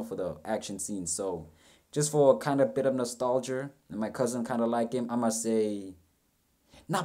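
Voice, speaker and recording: A man's voice: medium pitch, darkish tone. Casual swearing young man reacting. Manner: swears freely, rambling and self-mocking. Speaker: reaction video host.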